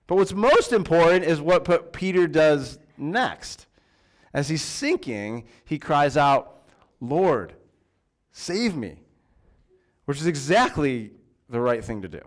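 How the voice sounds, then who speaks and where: A man's voice: a little high, expressive, unhurried. A man preaching a sermon in a church, in a conversational way with fillers and restarts. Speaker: pastor.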